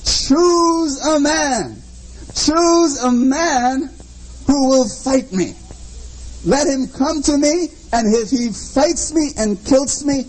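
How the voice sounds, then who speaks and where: A man voicing a huge, defiant male giant warrior, delivering a slow, drawn-out challenge. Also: very high-pitched, a little mellow, voice pushed up, heavily acted.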